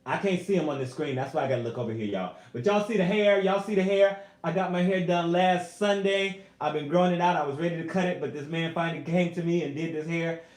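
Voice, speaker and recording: A man's voice: on the high side, fast, hardly any pauses, reverberant. A man, a singer and YouTuber, chatting casually on a live stream from home, earnest and emotional as he talks to his viewers. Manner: emotional, earnest, animated, addresses viewers as y'all.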